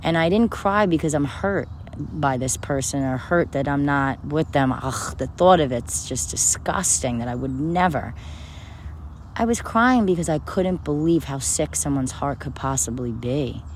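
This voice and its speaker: A woman with a notably low voice talks about God and forgiveness, emphatic and personal, sometimes preachy. A faint hiss sits under her voice. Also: expressive, measured pace. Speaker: spiritual speaker. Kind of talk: spiritual talk to camera.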